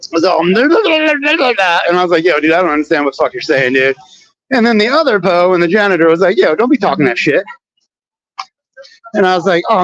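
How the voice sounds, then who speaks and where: A high-voiced man tells a rambling story in a loose, slangy vlog, swearing freely and stumbling over "um" and "uh" as he goes. He is walking outside on city streets near a train station. The sound is dull and lo-fi. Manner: rambling, profane, slangy retelling with many fillers.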